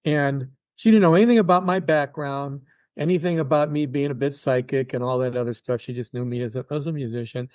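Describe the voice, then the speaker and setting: Brisk and mid-range, an older man guesting on an interview recounts personal stories with an animated delivery. This musician voices the people he quotes, and the audio has no room sound.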